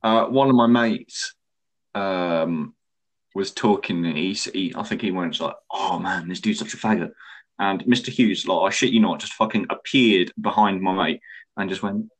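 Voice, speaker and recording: Young man, lowish voice, casual and blunt, swears a lot, laughs easily. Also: moderate pace. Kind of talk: casual chat.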